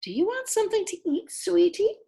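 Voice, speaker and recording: A woman voicing a kindly, mysterious older housekeeper who speaks gently in a storybook reading. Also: extremely high pitch, big pitch swings, a little fast, gravelly, pitched above the performer's own voice, exaggerated voice. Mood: gentle.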